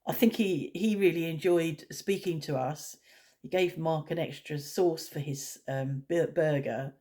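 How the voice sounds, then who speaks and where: A woman's voice: low-pitched, unhurried, mellow. A woman vlogger talking in a casual, rambling way, blunt and opinionated.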